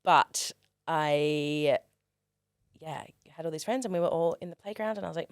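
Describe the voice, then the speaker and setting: A young Australian performer telling stories in a casual interview, animated and comic, acting out quoted voices. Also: female voice, low-pitched, moderate pace, no room sound, clean studio sound. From Australia, Perth. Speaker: guest, performer.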